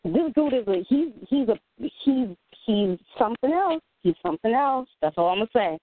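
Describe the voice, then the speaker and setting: A woman co-hosting a talk show, telling her side in an animated, indignant way. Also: a little high, moderate pace, a little hiss or hum. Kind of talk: casual talk show discussion. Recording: tinny phone-like line, dry.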